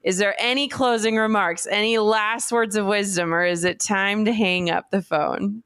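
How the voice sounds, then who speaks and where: A woman's voice: mid-range voice, fairly even intonation, moderate pace, fairly bright tone, smooth. A woman hosting a podcast interview, enthusiastic and gushing. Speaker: podcast host. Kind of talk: casual interview.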